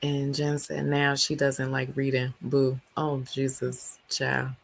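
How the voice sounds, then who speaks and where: A woman hosting a book club livestream, her voice hoarse and not fully recovered, talking in an animated, slangy way. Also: extremely low pitch, takes it slowly. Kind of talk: casual livestream chat.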